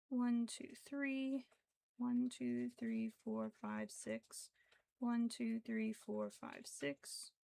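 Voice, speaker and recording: Slightly high with vocal fry and a dark tone, this voice belongs to a craft streamer who crochets while chatting loosely, using many fillers and murmuring her stitch counts.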